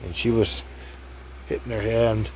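A man's voice: lowish voice, fairly even intonation, unhurried, background noise. A man in his fifties telling a casual anecdote in a chatty, jokey way, laughing at his own stories. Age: 50s.

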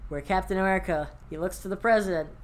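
A woman co-hosting a podcast in casual chat, telling stories excitedly and laughing often. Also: medium pitch, slight background noise. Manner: excited, laughing, fast storytelling. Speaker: podcast co-host.

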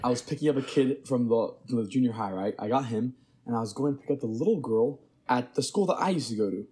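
Husky-voiced young man telling a rambling story. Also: mid-range voice, lively intonation, quick pace, darkish tone. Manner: rambling storyteller, repeats "right?". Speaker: podcast co-host. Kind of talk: casual chat.

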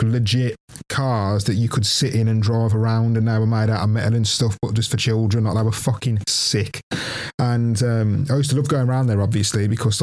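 A young man, co-hosting a podcast and telling a story in casual, animated chat, swearing freely. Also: fairly low pitch. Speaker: podcast co-host.

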